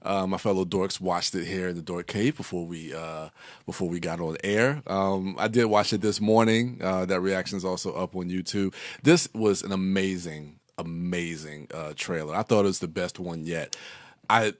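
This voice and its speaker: A deep-voiced man with a steady tone co-hosts a podcast at a moderate pace, chatting casually and enthusiastically with plenty of fillers and restarts. It's studio quality with no room sound.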